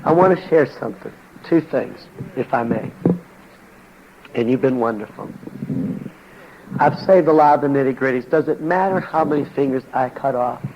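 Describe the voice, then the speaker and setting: A man's voice: medium pitch, normal speed, long pauses. A man preaching his testimony to a congregation, telling it in a folksy, plain-spoken way with slang. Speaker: evangelist preacher. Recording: dull lo-fi recording with faint background noise.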